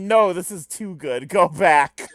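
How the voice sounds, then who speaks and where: A woman chatting casually on a live stream while reading a webcomic aloud. Her voice sits fairly low but swings a lot, and she giggles and pokes fun at herself. The sound is dry and close. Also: no echo. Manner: giggly, lively, self-deprecating.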